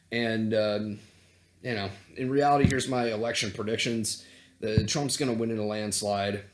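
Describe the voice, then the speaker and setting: Guy ranting hard on his vlog, swearing a lot, voice jumping all over. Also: medium pitch. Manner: heated, swearing, sarcastic. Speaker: self-help vlogger and coach. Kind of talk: unscripted profane political rant.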